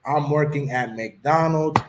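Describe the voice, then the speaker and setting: A man hosting a casual chat, telling stories in an animated way and dropping Spanish words into his talk. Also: fairly high pitch, takes it slowly. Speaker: host. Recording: roomy echo.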